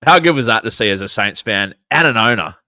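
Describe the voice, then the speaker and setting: A man's voice: lowish voice, lively intonation, fairly quick, bright, forceful tone, dry recording. Australian man, podcast host, casual sports banter, joking, dry dead room. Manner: laid-back, jokey, swears freely. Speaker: podcast host reading chat.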